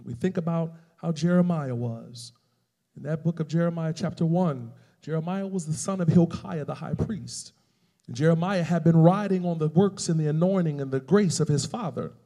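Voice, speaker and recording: A male pastor preaching a sermon with emphatic swings between loud and quiet passages. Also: fairly high pitch, moderate pace, long reverb tail.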